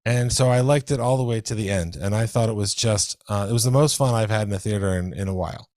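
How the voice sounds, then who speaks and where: A man with a fairly low voice chats on a film podcast, rambling with enthusiasm and frequent restarts. The sound is dry and close. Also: fast, darkish tone, dry recording. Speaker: podcast co-host reviewing films. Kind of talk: casual chat.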